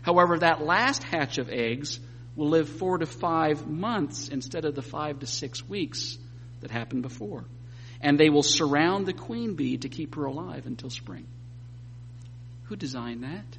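Male preacher, lively and joking between scripture readings; echoing hall, light hum. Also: fairly high pitch, unhurried, vocal fry. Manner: animated storytelling with joking asides. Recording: long hall reverb, faint hum.

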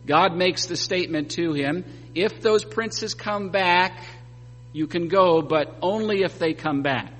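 Male preacher, lively and joking between scripture readings; echoing hall, light hum. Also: sits high, unhurried. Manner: animated storytelling with joking asides. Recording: long hall reverb, faint hum.

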